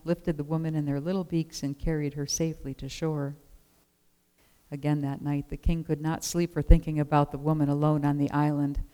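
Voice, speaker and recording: A storyteller reading a children's tale aloud with expressive, measured pacing. The voice is smooth and clear, sitting at a middling pitch.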